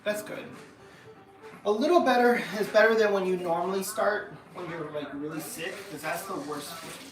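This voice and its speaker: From a room in her home, a middle-aged livestream host chats casually, her talk meandering with many fillers and restarts. Her voice is lowish at a normal speed, with faint music behind it. The echoey space and her distance from the mic color the recording.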